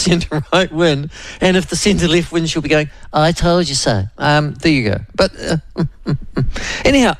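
A man's voice: mid-range voice, vocal fry, no echo, rough recording. A man hosting a radio talk show, rambling wryly through a casual monologue with jokey asides. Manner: rambling, wry, jokey asides with put-on quoted voices. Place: radio studio.

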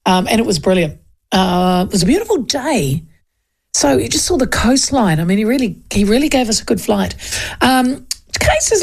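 A woman's voice: on the high side, big pitch swings, moderate pace, gravelly, husky. A middle-aged woman with a New Zealand accent hosts talkback radio in a chatty, cheeky way. She reads listener texts and spins casual anecdotes with an easy, conversational delivery.

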